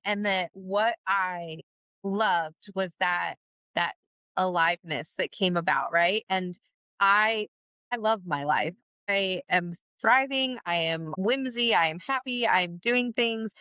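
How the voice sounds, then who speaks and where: Woman co-host, mid pitch, reflective filler-heavy talk, dry close sound. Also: slow, bright, forceful tone, smooth, dry recording. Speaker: podcast co-host. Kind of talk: casual podcast chat.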